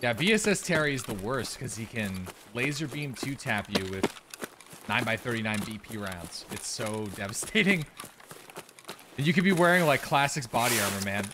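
A man's voice: mid-range voice, noisy background. A man casually commenting while playing a shooter, chatting with viewers and swearing freely. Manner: relaxed, chatty, swears often, reads chat aloud. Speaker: streamer playing a shooter game.

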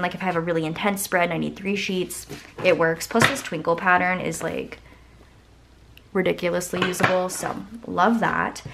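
A woman's voice: fairly low pitch, gravelly, slight background noise. A young woman vlogging a haul in a casual, gushing way, her voice worn out. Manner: gushing, excitable, lots of "like" and "obsessed".

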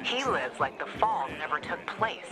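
A man's voice: fairly high pitch, expressive, moderate pace, a crowd in the background, natural voice. An actor playing a wry, cynical man who shares gossip.

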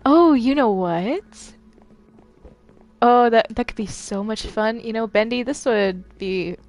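A woman's voice: a little high, slow, darkish tone, faint music behind. A woman voicing a sly, teasing female cartoon angel villain who drawls mock-sweet lines and calls others darling. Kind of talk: Minecraft role-play voice acting.

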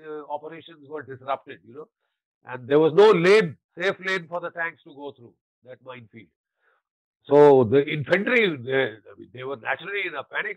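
An older man with an Indian English accent recounts war stories as a retired general, acting out each exchange. His voice sits fairly high for a man. The sound is dry and slightly dull, like a lo-fi recording. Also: no room sound. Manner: animated storyteller, acts out quoted dialogue, often adds "you know". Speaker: interview guest, retired army general. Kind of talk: war storytelling.

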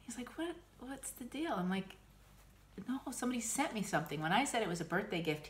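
A middle-aged woman from the United States talks casually in a slightly low voice. She gushes, gets emotional and trails off into restarts as she shows off her craft supplies. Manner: chatty, gushing, emotional. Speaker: cross-stitch vlogger. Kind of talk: casual chat.

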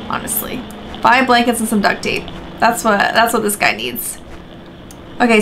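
A woman giving let's play commentary, repeating short phrases over and over, swearing and exasperated, in a noisy recording. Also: a little high. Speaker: gaming video host.

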